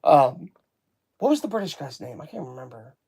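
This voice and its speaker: A man's voice: on the high side, sing-song, normal speed, creaky, mellow, slightly rough. An American man co-hosting a casual movie review chat, joking and swearing, often cutting himself off. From United States. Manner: joking, profane, self-interrupting. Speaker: podcast co-host reviewing a movie.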